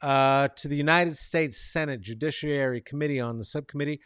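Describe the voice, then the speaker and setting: A man's voice: medium pitch, fairly quick, clear, resonant tone, no echo. Rambling sarcastic man, dry close sound. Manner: rambling, sarcastic, swings from mutters to loud outbursts; talks to chat viewers by name. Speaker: show host. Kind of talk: comedic news commentary.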